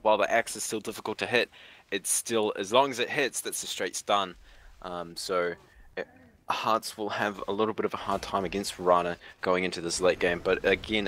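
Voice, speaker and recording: A man's voice: fairly low pitch, a bit bright, a little hiss or hum. A man with a New Zealand accent doing play-by-play esports commentary, exclaiming at big plays.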